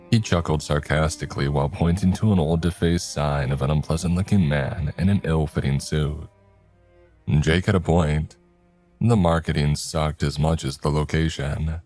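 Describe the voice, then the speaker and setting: A man narrating a scripted horror story in a steady, measured way. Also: rumbling low. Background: faint music.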